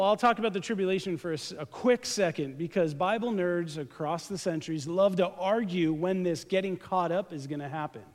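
A man preaching a lively, joking sermon, speaking straight to his congregation during a live church service. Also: high voice. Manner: joking, animated, talks to the congregation directly. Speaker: pastor. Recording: live church recording with long hall reverb.

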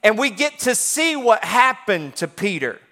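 A man, talking through scripture in an emphatic, folksy, excitable way. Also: high-pitched, a little slow. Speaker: preacher. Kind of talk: animated scripture talk.

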